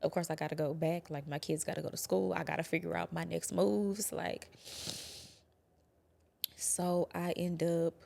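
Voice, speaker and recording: A young adult woman quietly recounting a painful personal experience, halting and sometimes dropping to a whisper. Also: lowish voice, fairly even intonation, gravelly. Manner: quiet, halting, drops to a whisper at hard moments. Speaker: guest telling her story. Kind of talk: personal testimony.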